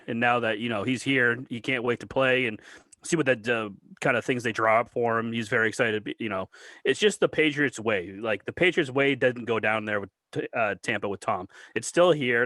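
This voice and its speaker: A man's voice: medium pitch, a little fast, sharp tone, no echo. A man co-hosting a casual sports podcast, chatty and teasing, with crude jokes.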